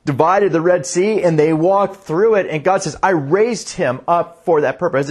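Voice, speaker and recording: A man preaching a sermon, reading scripture in a slower, lower voice and explaining it earnestly. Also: breathy edge. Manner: reads scripture in a lower, slower voice, then speeds up; earnest, restarts sentences. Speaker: pastor.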